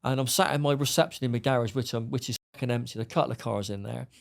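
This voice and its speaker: A middle-aged man tells his story at a rapid clip. His voice has a gravelly edge, and he speaks bluntly with plenty of swearing. He acts out the back-and-forth of conversations as he goes. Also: mid-range voice. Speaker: podcast guest. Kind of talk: storytelling interview.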